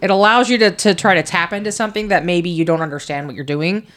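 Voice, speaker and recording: A woman's voice: on the low side, steady tone, quick pace, fairly bright tone. A woman co-hosting a casual podcast, blunt and profane, laughing often. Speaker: podcast co-host.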